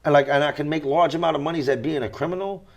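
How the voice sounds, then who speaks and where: A man's voice: fairly high pitch, racing, vocal fry. An American man telling his life story as an interview guest, blunt and emphatic, repeating phrases for weight. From United States.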